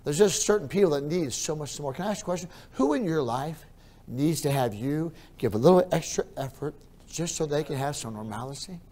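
Preaching man swinging from soft to loud. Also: on the high side, animated, brisk. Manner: repeats phrases for emphasis. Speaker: pastor. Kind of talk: sermon.

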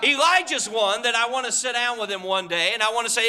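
A man's voice: very high-pitched, fast, crowd noise. A man preaching a sermon in a church, telling folksy stories and building to fervent, repeated appeals. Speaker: guest preacher. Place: church sanctuary.

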